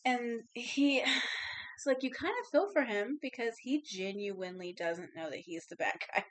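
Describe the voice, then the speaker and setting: A woman's voice: a little high, measured pace, fairly bright tone. A woman co-hosting a podcast, chatting casually about a movie, swearing freely and finishing her co-host's sentences. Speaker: podcast co-host.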